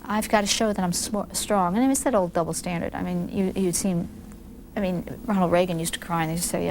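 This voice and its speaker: A woman in her fifties from the United States, candidly recalling events in an interview, animated, with frequent restarts. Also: lowish voice, fast talker, slight background noise. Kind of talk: reflective interview recollection.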